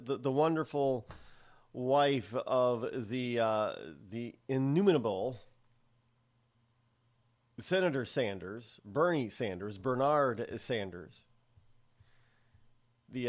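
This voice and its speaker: A man hosting a talk radio show, delivering a sarcastic, rambling opinion monologue with frequent restarts and repeated words. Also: mid-range voice.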